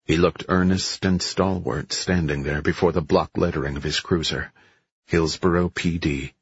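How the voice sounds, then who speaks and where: A man reading a thriller audiobook in a measured, steady way. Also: low-pitched, breathy edge, no echo, lo-fi sound. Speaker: audiobook narrator. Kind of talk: scripted narration.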